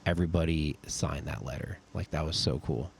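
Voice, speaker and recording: Young man, very low voice, quick talker, laid-back podcast guest, casual storytelling. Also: steady tone, creaky, slight background noise. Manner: laid-back, says "dude" and "like" a lot. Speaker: podcast guest, army sergeant.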